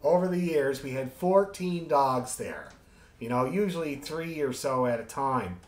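Unhurried and expressive, a man with a mid-range voice runs an online music rehearsal as its orchestra leader. He is a friendly, joking storyteller who rambles as he chats casually, and the room sounds echoey.

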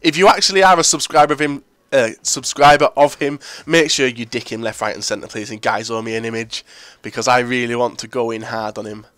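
Swearing young gamer. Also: male voice, mid-range voice, fairly quick, hardly any pauses, no echo. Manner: blunt, swears freely, sudden loud outbursts. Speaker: gaming video creator. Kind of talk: live gameplay commentary.

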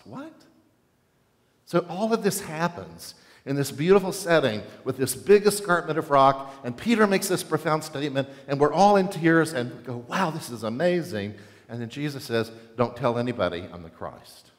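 A male pastor preaching a sermon in a church, animated and often asking the congregation questions. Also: mid-range voice, moderate pace, big-room sound. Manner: animated, asks the congregation questions, acts out quotes. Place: church sanctuary.

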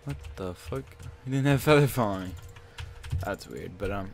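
A young man commentating his own game, excitable and swearing, with bursts of loud disbelief, on a headset mic at his computer. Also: on the low side, moderate pace, creaky. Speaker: gaming channel host. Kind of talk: Let's Play commentary.

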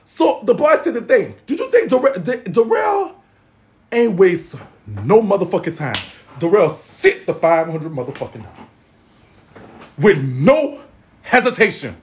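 A man giving casual gossip commentary in a sassy, profane, dramatic way, with loud exclamations and laughing. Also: high-pitched, huge pitch swings, a little slow, long pauses. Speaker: gossip vlogger.

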